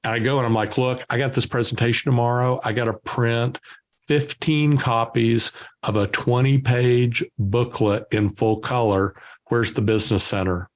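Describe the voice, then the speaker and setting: A man, a guest entrepreneur, telling lively stories in conversation and acting out the dialogue. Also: mid-range voice, normal speed. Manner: lively anecdotal storyteller, acts out dialogue. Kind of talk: conversational storytelling.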